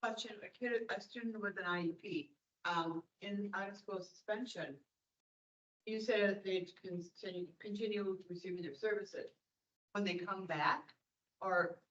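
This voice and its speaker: A woman in the audience asking questions in a halting way, thinking aloud. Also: medium pitch, fairly even intonation, fairly bright tone, roomy sound, distant mic, highs cut off. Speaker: audience member.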